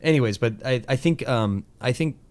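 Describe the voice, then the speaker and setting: A man hosting a casual podcast, rambling through animated retellings of scenes, with lots of fillers and some swearing. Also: medium pitch, normal speed. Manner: casual, profane, filler-heavy. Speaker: podcast host.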